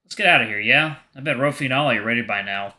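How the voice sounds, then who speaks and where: A man's voice: medium pitch, fast talker, bright, forceful tone. Man doing an anxious young fox. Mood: earnest. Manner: anxious and apologetic.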